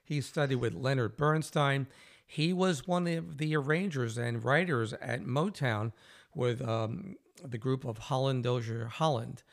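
A male interviewer recounting a tale in a casual, animated way. He acts out the quoted lines and laughs easily as he goes. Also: medium pitch, a little slow, gravelly. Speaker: host.

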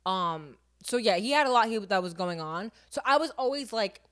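A woman's voice: medium pitch, lively intonation, normal speed. A woman in her twenties, a podcast co-host, talking candidly and telling a personal story with lots of fillers. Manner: chatty, filler-heavy, vivid storytelling. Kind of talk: candid casual chat.

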